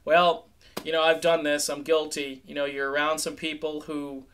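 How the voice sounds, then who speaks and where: A middle-aged man from New England with a fairly high voice talks through music news in a relaxed, chatty commentary. He keeps it animated and conversational, now and then dropping into quoted voices. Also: normal speed, smooth. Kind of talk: casual commentary vlog.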